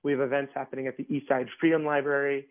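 A man at a mid pitch is chatting as a radio guest. He keeps it loose, with many fillers and restarts. The sound is thin and tinny, like a phone line. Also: little pitch movement, quick pace, a loud crowd. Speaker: orchestra guest. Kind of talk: casual radio interview.

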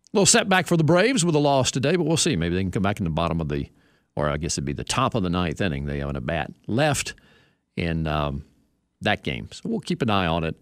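A male sports radio host with a lower voice that swings widely in pitch. He talks casually and wryly, and he leans hard on words when he reads copy aloud. The studio mic sounds close and dry. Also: no room sound. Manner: wry, reads copy aloud with exaggerated emphasis. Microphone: studio microphone.

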